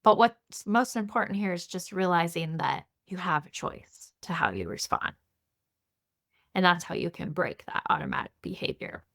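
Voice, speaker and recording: A woman's voice: lowish voice, lively intonation, moderate pace, gravelly, fairly bright tone. A woman teaching a mindfulness class, talking in a conversational way and asking her listeners many guiding questions. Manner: conversational, asks many guiding questions, frequent "you know" and "right". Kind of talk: recorded class lecture.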